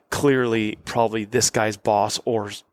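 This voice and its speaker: A man, a podcast guest, recounting a story in casual conversation, halting and restarting often and leaning on "like.". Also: fairly low pitch, level tone, no echo. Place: cabin.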